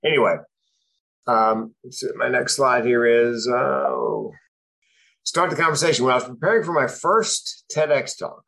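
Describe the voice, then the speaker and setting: A man's voice: medium pitch, moderate pace, creaky, bright, forceful tone. A man, a comedian and speaker, telling personal stories about depression with dry, punchline-driven timing. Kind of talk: comic storytelling on mental health.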